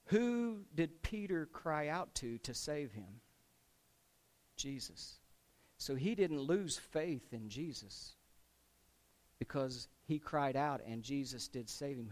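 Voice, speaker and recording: A man preaching a sermon, retelling a scripture story with lively swings between loud dramatic lines and low, quiet emphasis.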